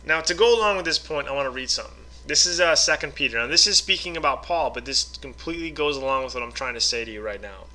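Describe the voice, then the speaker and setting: A man's voice: mid-range voice, lively intonation, fast, few pauses, bright, forceful tone. A man giving a casual Bible lesson, reading passages aloud and explaining them conversationally with frequent "okay?" and "right?" check-ins. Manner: reads scripture aloud, then explains it informally. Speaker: online Bible teacher. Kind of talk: casual scripture teaching to camera.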